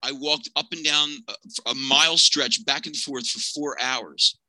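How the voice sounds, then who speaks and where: A man in his fifties from Pennsylvania, a podcast guest telling a personal story with animated energy, acting out the people in it. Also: medium pitch, measured pace, poor audio.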